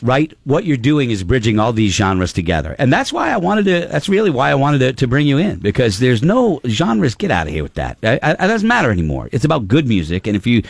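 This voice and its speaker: A male radio host chatting with guests in the studio, quick to joke and laugh. His delivery is lively, with pitch rising and falling freely. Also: gravelly, dry recording. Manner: joking, animated, laughs often. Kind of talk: casual studio chat.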